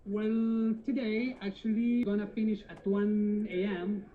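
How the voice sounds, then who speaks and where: A woman from Algeria, a young chef, answering questions on a video call, pausing often and searching for her words. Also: mid-range voice, level tone. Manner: halting, searching for words with many fillers. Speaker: guest, junior chef. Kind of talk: casual call-in interview. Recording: dull lo-fi video-call line.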